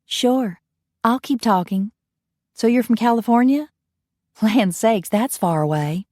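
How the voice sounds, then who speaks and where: A woman's voice: a little high, measured pace, warm tone, no room sound, clean studio sound, voice pushed up. A woman voicing a prim, sweet Southern belle vampire barmaid with a Southern accent and a sugary drawl. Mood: chatty. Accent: American Southern.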